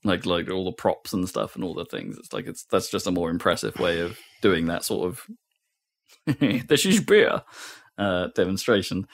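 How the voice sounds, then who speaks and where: A man's voice: low voice, expressive, normal speed, vocal fry. A man co-hosting a podcast, telling a rambling, laughing story in casual chat. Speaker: podcast co-host.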